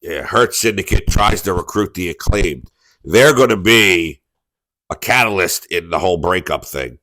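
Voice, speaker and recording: A man's voice: deep voice, expressive, normal speed, bright, forceful tone, no room sound. An older man co-hosting a podcast in casual chat, blunt and crude. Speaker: podcast co-host.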